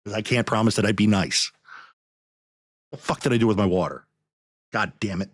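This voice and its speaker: This is a man hosting a podcast, furious and profane, swearing a lot as he rants. He speaks at a normal speed in a somewhat low voice. There's no room sound, and the audio is studio quality.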